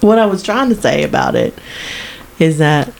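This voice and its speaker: A woman's voice: low-pitched, animated, normal speed, gravelly, a little mellow, a little hiss or hum, rough recording. A woman co-hosting a podcast, laughing often and playfully scolding her partner. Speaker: podcast co-host. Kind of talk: casual podcast banter.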